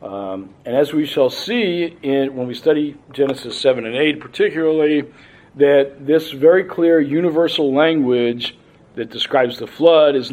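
A man's voice: mid-range voice, a little mellow. Man teaching a Bible class. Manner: explains patiently, reads scripture aloud, frequent ums.

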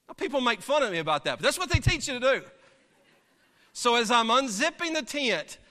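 A man, a pastor, preaching and telling a story from the pulpit in an animated, dramatic way, heard in a church sanctuary. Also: extremely high pitch, brisk. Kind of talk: sermon storytelling. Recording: long reverb of a large hall.

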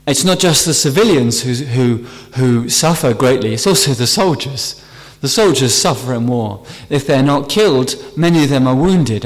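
A man preaching a sermon earnestly, stressing key phrases as he explains a psalm. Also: fairly high pitch. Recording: long hall reverb.

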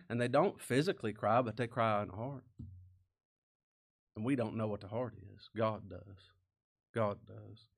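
Folksy guy preaching a sermon, plain talk, lots of "don't we?" questions, gets quiet sometimes. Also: mid-range voice. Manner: preaching with rhetorical questions and sudden drops to a hush. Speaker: pastor.

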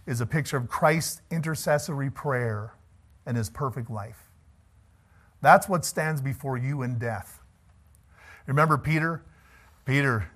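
A male pastor preaching a sermon, calling out "Amen?" to the congregation and swinging between loud emphasis and quiet asides. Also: mid-range voice.

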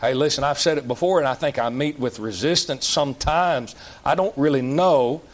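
A man preaching a sermon in a church, folksy and plain-spoken, asking the congregation question after question. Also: medium pitch. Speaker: pastor.

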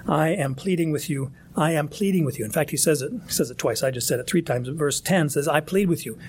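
Guy preaching, kinda husky, higher voice, chatty but emphatic, keeps restarting lines. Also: a little fast. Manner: conversational, emphatic, frequent restarts. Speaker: pastor. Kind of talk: sermon.

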